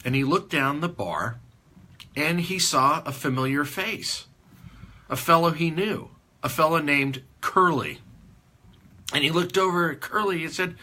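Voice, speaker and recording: A man's voice: fairly high pitch, a little slow, bright, forceful tone. A man giving a conference talk, telling a folksy, rambling story in an anecdotal style. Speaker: conference speaker.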